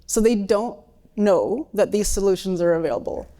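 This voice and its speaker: A woman's voice: medium pitch, normal speed, mellow. A woman answering on a conference panel, earnest in manner. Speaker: panelist, engineer.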